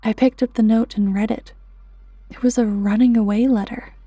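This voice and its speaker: Woman narrator for a horror story read-aloud; warm, soft, often near a whisper, dry booth sound. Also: on the high side, fairly even intonation, normal speed, no room sound, faint music behind. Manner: hushed, often dropping to a whisper. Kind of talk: scripted creepypasta narration.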